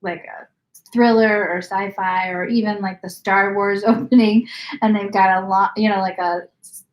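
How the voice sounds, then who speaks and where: A woman's voice: mid-range voice, fairly even intonation, moderate pace, highs cut off. A woman co-hosting a casual livestream chat, who keeps laughing through her lines. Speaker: livestream co-host.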